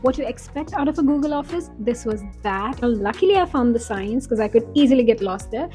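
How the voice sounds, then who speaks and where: A woman's voice: a little high, lively intonation, brisk, warm tone, faint music behind. A woman narrating her day in a casual, enthusiastic vlog voice-over. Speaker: vlogger.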